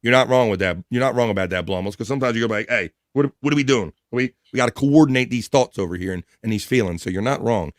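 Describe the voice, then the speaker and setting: A man's voice: mid-range voice, fast, few pauses, no room sound, clean studio sound. A man hosting a casual livestream, reading viewer comments aloud with crude, jokey banter and frequent laughs. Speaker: livestream host.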